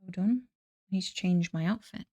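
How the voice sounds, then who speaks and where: A woman's voice: on the low side, a little fast, dark tone, dry recording. A woman streamer chatting casually on a live art stream, self-deprecating and laughing often.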